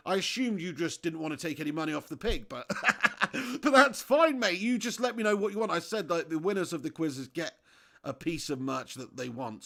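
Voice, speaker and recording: A man's voice: a little high, creaky, fairly bright tone. A man hosting a live football watch-along stream, chatting casually, reading out viewer comments and laughing often.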